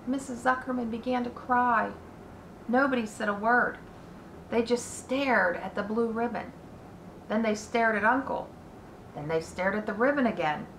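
A woman teacher reading a children's book aloud in a slow, deliberate manner. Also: fairly high pitch, fairly bright tone, a little hiss or hum. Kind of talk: read-aloud storytelling. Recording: roomy echo.

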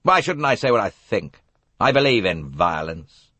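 A man voicing an angry, defiant young man who speaks bluntly and gruffly. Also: low-pitched, very animated, moderate pace, fairly bright tone, no room sound, heavily acted.

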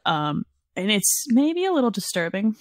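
A middle-aged woman guest on a podcast, chatting casually in a wry, self-mocking way with quick asides. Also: mid-range voice, very animated. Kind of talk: casual chat.

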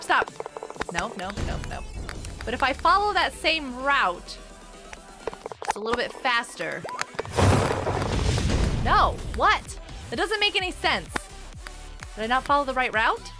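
Young woman, high voice, lively swoops, excitable gaming chatter, music behind. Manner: excitable, chatty, talks to viewers. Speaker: streamer. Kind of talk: live gameplay commentary. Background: game music.

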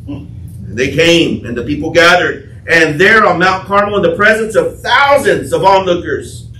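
Pastor guy preaching, high voice, big dramatic storytelling, echoey room, kinda far from the mic. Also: animated, measured pace, slight background noise. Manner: dramatic storytelling, acting out quotes, shouting at peaks. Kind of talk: sermon.

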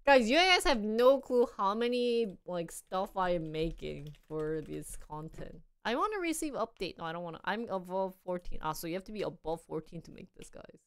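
Lively, smooth-voiced young woman streamer. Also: lowish voice, normal speed, few pauses. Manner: chatty, playful, thinking aloud while trying things out. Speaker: live streamer. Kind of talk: casual live-stream chat.

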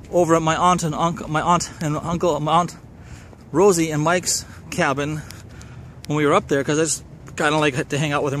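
A man's voice: a little high, fairly bright tone, a little hiss or hum. Minnesotan man telling a rambling story. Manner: rambling, self-correcting, wry. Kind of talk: casual personal storytelling.

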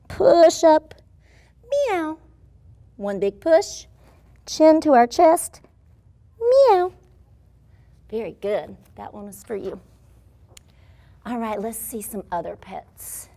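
A woman's voice: a little high, darkish tone. A woman who teaches children's movement classes, guiding young kids through animal yoga poses in a cheerful, encouraging way. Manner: cheerful, encouraging, speaks simply to small children. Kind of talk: leading a kids' yoga class.

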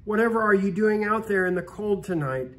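A man's voice: sits high, animated, a little fast. Guy reading as a sweet fussy old lady, all exclaiming and mothering. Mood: fussing. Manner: fussing, exclamatory. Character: elderly kindly woman, fussing and motherly.

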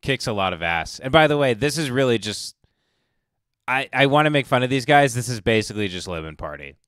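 A man's voice: medium pitch, lively intonation, fairly quick, fairly bright tone, clean tone, no room sound, clean studio sound. A man hosting a live stream, mocking the people in a clip with sarcastic commentary. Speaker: stream host.

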